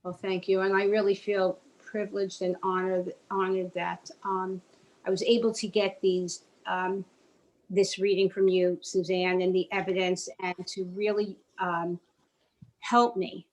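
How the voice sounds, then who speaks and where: Woman guest from New York, earnest and halting, flat delivery. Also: medium pitch, dull audio. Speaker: guest, bereaved parent. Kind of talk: conversational thanks.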